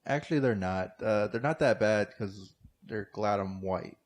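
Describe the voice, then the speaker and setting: A man's voice: lowish voice, unhurried. A man guesting on a podcast as a comedian, chatting in a dry, offhand way. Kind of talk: casual chat.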